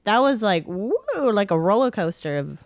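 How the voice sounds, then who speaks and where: Woman, podcast co-host, casual chat, giggly, animated pitch, dry close sound. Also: moderate pace, no room sound. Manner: giggly, jokey banter.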